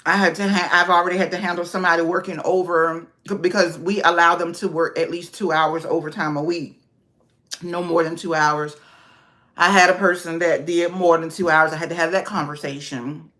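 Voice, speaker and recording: Woman, vlogger, casual livestream chat, bright tone, slightly low pitch. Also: fairly even intonation, moderate pace. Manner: chatty, talks to viewers by name.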